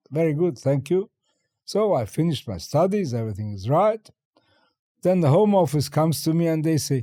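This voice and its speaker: A lively older man from China tells stories in an interview and acts out every exchange in voices. His pitch jumps high and low, his tone is dark and mellow, and the room sounds dry. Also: no echo. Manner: animated storyteller acting out dialogue, laughing often. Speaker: guest. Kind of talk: interview storytelling.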